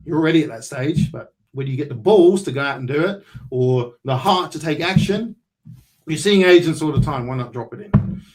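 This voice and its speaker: A man's voice: medium pitch, expressive, brisk, poor audio. A man mentoring a group on property deals, brash and salesy, swearing casually as he talks.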